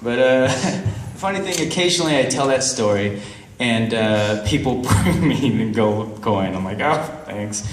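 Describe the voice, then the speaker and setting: Animated man telling a story in a hall. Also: mid-range voice, measured pace, slight background noise. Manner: animated, laughing, acts out voices. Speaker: convention panel guest. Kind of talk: storytelling to a live audience. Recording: roomy hall, mic from far off.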